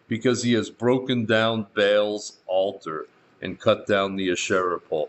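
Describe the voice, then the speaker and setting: Low-voiced man teaching the Bible. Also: steady tone, moderate pace, fairly bright tone, highs cut off. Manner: reads scripture aloud and comments in between, with dry asides. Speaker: pastor.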